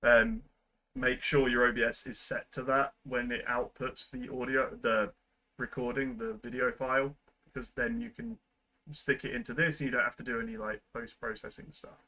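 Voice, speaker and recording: A young man at his computer, explaining video editing steps in a relaxed, rambling way full of ums and likes. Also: medium pitch, moderate pace, low-quality recording. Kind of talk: casual screen-recorded tutorial. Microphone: desk microphone at a computer.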